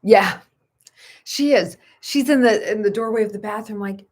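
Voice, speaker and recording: A woman's voice: medium pitch, moderate pace, a little mellow, a little hiss or hum. A woman who practices Reiki, chatting casually on a livestream at home at night and cooing to her dogs in baby talk.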